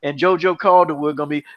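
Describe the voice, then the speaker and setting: A high-voiced man rants on a podcast, mocking and repetitive, swearing freely. The audio is dull and lo-fi. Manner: animated, mocking, repeats himself, swears freely. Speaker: podcast host. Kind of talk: heated casual MMA chat.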